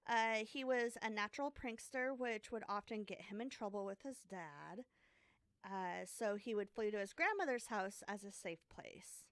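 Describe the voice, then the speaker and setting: A woman's voice: medium pitch, moderate pace, a bit bright, clear, resonant tone, no room sound, studio quality. A woman co-hosting a podcast, casually telling a true crime story with lots of fillers and self-deprecating asides. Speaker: podcast co-host.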